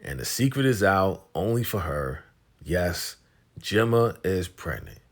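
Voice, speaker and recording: A TV recap host with a very low, sing-song voice walks unhurriedly through an episode in slangy, relaxed fashion. He paraphrases what the characters say, like he's filling in a friend.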